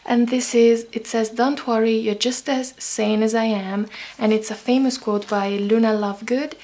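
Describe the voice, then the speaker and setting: A young woman vlogger unboxing gifts at home, gushing and excited, often restarting her sentences. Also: a little high, normal speed, low-quality recording. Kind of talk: unboxing vlog. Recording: paper crinkling noise behind.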